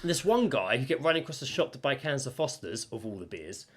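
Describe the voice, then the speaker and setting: A man's voice: mid-range voice, very animated, fast, a little hiss or hum. A man co-hosting a podcast, telling a story in casual chat and acting out the people he quotes. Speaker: podcast co-host.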